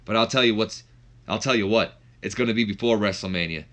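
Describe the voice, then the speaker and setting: A man's voice: on the low side, fast, a bit bright, lightly acted. A man putting on a cocky male wrestler who mocks his rival and talks about himself in the third person. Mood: taunting. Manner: boastful, mocking, refers to himself in third person. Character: cocky trash-talking male wrestler, brash showman.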